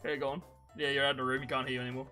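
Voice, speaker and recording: A man hosting a podcast, telling animated made-up stories in casual chat, full of fillers. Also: mid-range voice, racing, faint music behind. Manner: animated storytelling, many fillers. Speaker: podcast host.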